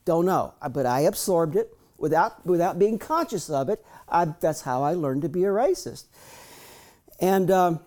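A man in his fifties tells personal stories to a room. His voice is warm and mellow, and he talks in a folksy, frank manner, often restarting his sentences. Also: a little high, expressive, moderate pace. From Southern US. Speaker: speaker reading from his memoir. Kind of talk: storytelling talk.

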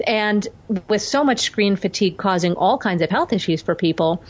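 A woman's voice: mid-range voice, lively intonation, normal speed. Coaching woman, dull lo-fi audio. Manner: warm, coaching, emphatic. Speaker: vocal coach guest. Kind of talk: interview talk.

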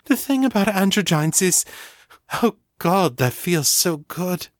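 Male narrator plays a shaky, torn young woman, pitched up, slow and halting. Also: expressive, breathy edge, no room sound, studio quality, exaggerated voice. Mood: urgent, shaky. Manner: breathless, stammering.

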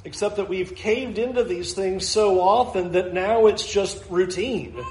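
A man's voice: sits high, a little slow, darkish tone. A middle-aged male pastor preaching a sermon earnestly, acting out the answers of the people he counsels. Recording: echoey room with faint ambience.

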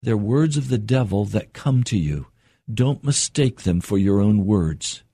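An older man preaching an earnest radio sermon, his voice climbing higher as he presses a point. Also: expressive, measured pace, mellow, breathy edge, dry recording. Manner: earnest, rising in pitch for emphasis and quotes.

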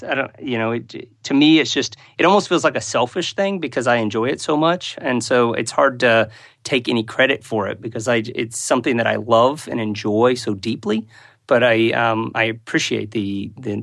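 A man's voice: medium pitch, a little fast, gravelly, fairly bright tone, no room sound. A man speaking as a podcast guest, earnest and open about what he loves to discuss. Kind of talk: conversational interview.

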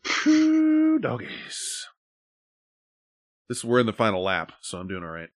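A man's voice: deep voice, fast, a bit bright, dry recording, clean studio sound. A man hosting a podcast in casual chat, rambling, laughing often and swearing freely. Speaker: podcast host.

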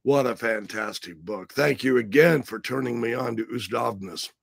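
A hoarse man with a rough, raspy voice hosting a casual live stream, joking around and greeting his viewers by name. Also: medium pitch, moderate pace, dry recording. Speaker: livestream host.

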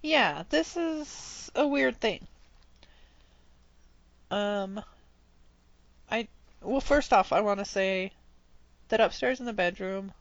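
Gravelly-voiced woman chatting on a podcast. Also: mid-range voice, lively intonation, slow, long pauses, no room sound, muffled recording. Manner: chatty and giggly, with short reactions. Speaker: podcast co-host. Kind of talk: casual chat.

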